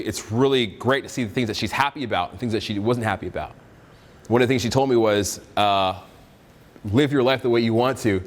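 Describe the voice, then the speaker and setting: A young man giving a live seminar on dating and self-improvement to an audience, animated and direct, acting out quotes in funny voices. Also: lowish voice. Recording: hall reverb from a seminar room.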